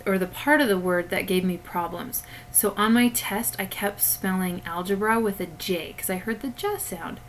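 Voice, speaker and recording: A woman's voice: mid-range voice, fairly bright tone, slight background noise, low-quality recording. A woman teacher giving a recorded spelling lesson to children, patiently explaining each step through a webcam.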